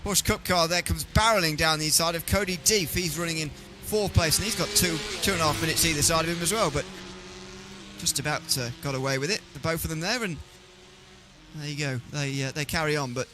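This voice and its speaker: A man's voice: fairly high pitch, fairly quick, over music. Dry teasing male race commentator. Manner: dry teasing, fluent play-by-play.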